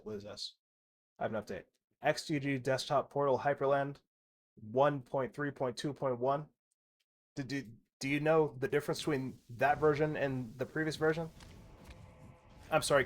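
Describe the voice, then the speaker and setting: Man, casual gaming rant, swears a lot, stammers and restarts, mid-pitched voice, faint background hiss. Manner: profane, exasperated, rambling with repeated stammers. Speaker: gaming video creator. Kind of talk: casual ranting commentary while gaming.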